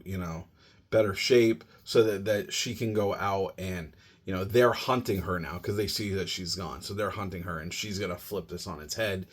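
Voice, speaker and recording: A man with a slightly low voice talks through a film plot for a podcast review. He speaks casually and conversationally, filling his sentences with "you know" and "like" as he goes.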